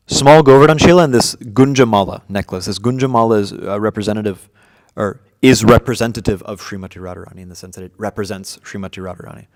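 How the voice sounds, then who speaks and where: A man with a lowish voice leads an informal scripture class, speaking casually and often restarting his sentences with ums and uhs. His voice carries a long reverb. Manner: casual, many fillers and restarts. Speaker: class teacher. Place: room with devotees present.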